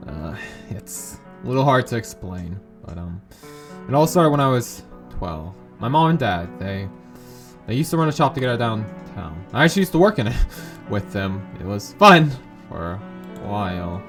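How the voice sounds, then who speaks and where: A man voicing an upset teenage girl who speaks haltingly, with restarts and sighs, in a visual novel reading. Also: lowish voice, big pitch swings, faint music behind. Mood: sad. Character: upset teenage girl, sharp-tongued but hurting.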